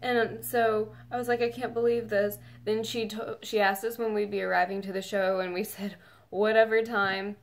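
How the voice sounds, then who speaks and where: A woman's voice: medium pitch, flat delivery, normal speed. A woman telling a personal story in a casual, rambling way with many fillers, close to tears and emotional. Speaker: fan telling her story.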